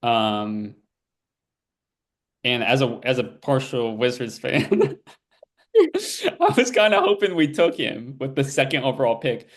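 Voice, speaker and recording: A relaxed young man in casual podcast chat, his voice sitting at an ordinary middle pitch. He meanders through thoughts with plenty of "like" and "um," loose and conversational. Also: slow, long pauses. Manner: laid-back, rambling with fillers and restarts. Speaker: podcast co-host.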